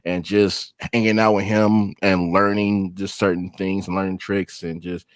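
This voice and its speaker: A man's voice: sits low, flat delivery, unhurried, no room sound, studio quality. A man guesting on a comedy radio show, talking in a laid-back way about his recent work. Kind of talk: casual interview chat.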